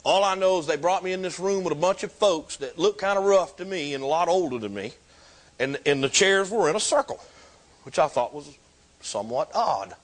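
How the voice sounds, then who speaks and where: Man with a raised pitch, telling his story. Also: fairly quick. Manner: animated storytelling with self-mocking humor. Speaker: speaker sharing his recovery story. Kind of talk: personal recovery testimony.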